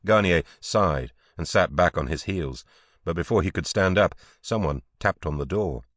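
A man narrating an unabridged audiobook in a measured, clear storytelling manner. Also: low-pitched, fairly bright tone, no room sound, studio quality. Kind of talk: scripted narration.

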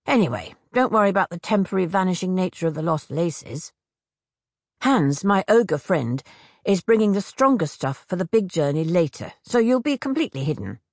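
A woman's voice: fairly low pitch, animated, normal speed, a little mellow, dry recording, clean studio sound. Woman putting on a chattering eccentric hag. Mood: breezy. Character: odd, brisk female hag, eccentric and talkative.

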